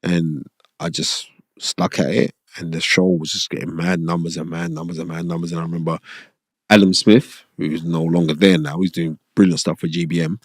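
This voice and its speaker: A middle-aged man, telling stories as an interview guest in an animated, emphatic way and repeating phrases for stress. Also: deep voice, moderate pace, dry recording, clean studio sound. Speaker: guest, boxing pundit and former TV host. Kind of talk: casual interview storytelling.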